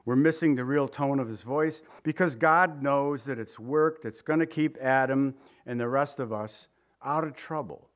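A man preaching a sermon as pastor, talking in a conversational, unhurried way, repeating phrases and asking his listeners rhetorical questions. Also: mid-range voice.

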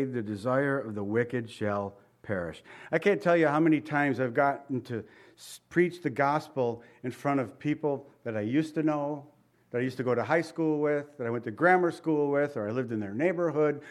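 A pastor preaches a sermon in a voice pitched a touch higher than most men's. He moves back and forth between reading scripture aloud and animated, chuckling asides to the congregation.

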